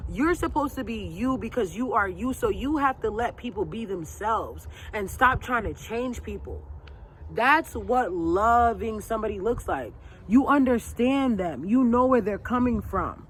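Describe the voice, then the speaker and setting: A woman's voice: fairly high pitch, expressive, normal speed, slight background noise. A woman vlogger giving casual, emphatic advice to camera, repeating her points in a preachy way. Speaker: lifestyle vlogger. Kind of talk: casual motivational talk to camera.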